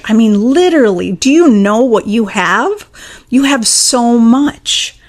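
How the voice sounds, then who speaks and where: Earnest woman coach, slightly high voice. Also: lively intonation, moderate pace. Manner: earnest, emphatic, repeats key phrases. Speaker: manifestation coach. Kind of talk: casual teaching monologue.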